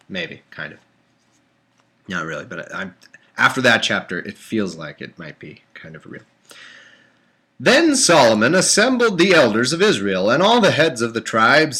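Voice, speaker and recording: A man's sharp-toned, mid-range voice reads scripture during a home live stream, interrupted by sarcastic rants full of exasperation. He's captured on a webcam or desktop mic.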